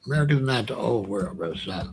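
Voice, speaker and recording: Middle-aged man, fairly high voice, blunt profane rant, dismissive and repetitive. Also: unhurried. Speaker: commentator reacting to comments. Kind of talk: casual ranting commentary.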